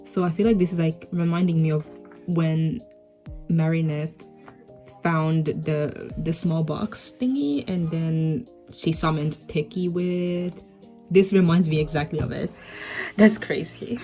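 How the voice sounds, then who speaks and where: A woman's voice: low-pitched, a little slow, mellow, soft background music. A young woman casually commenting on her old comic, laid-back, full of "like" and "I guess".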